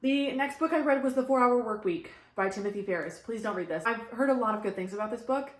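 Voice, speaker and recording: A young woman giving casual, blunt book reviews in a vlog, upbeat with quick asides. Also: on the high side. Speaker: book vlogger. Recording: echoey room.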